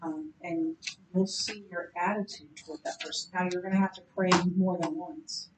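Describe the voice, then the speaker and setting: A woman's voice: lowish voice, normal speed, recorded from a distance. Lady teaching bible class, chatty, lots of ums, echoey room. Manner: chatty and animated, many fillers and restarts. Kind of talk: conversational Bible lecture. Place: church classroom. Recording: roomy echo with faint background hiss.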